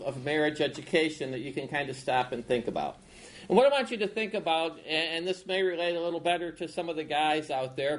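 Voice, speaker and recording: A man's voice: on the high side, low-quality recording. A man leading a marriage workshop for a class that is also streamed online, talking casually and telling folksy stories with frequent restarts. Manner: folksy storyteller, many restarts. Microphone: class also streamed on video call.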